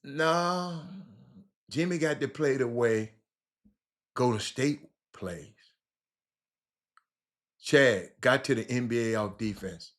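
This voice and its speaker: A man's voice: mid-range voice, slow pace, pauses often. A man hosting a livestream, talking basketball in a loose, teasing way and answering his chat. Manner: animated, teasing chat readers, repeats phrases. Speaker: livestream host. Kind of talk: casual basketball talk on a livestream.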